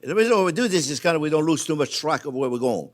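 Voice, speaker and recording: A middle-aged man talks viewers through a recipe in a loose, joking way. His voice sits a little high and swings widely up and down as he chats. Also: lively intonation, rapid-fire. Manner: chatty, playful, often says "friends" and "boom, boom". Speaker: chef host. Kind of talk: casual cooking demonstration.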